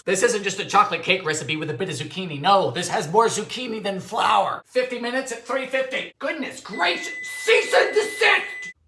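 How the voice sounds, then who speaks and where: A man narrating a comic cooking vlog about vintage recipes, making dry deadpan jokes and breaking into sudden shouts. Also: sits high, fairly quick, hardly any pauses, slight background noise. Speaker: home baker trying vintage recipes. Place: home kitchen.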